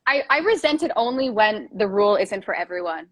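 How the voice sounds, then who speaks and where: A woman hosting a casual interview chat, playful and teasing, quick to joke with her guest. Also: medium pitch, animated. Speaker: host.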